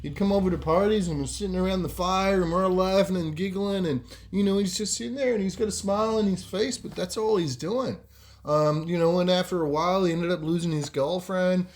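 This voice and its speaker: A man's voice: high-pitched, brisk. Rambling man telling a story. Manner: rambling, lots of ums and "you know". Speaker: podcast host. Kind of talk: casual storytelling.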